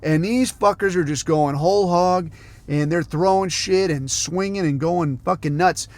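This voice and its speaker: A man's voice: high-pitched, unhurried, darkish tone. A man from the United States, hosting a podcast and ranting in a heated, profane, sarcastic way. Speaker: podcast host.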